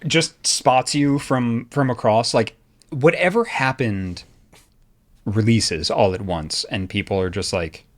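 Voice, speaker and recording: A man running a tabletop role-playing game as game master, narrating in a loose, animated, laughing way. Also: medium pitch, takes it slowly.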